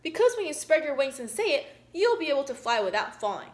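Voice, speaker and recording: A woman's voice: high voice, big pitch swings, fast talker. A woman doing a cheery, coaxing turtle. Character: encouraging wise female turtle.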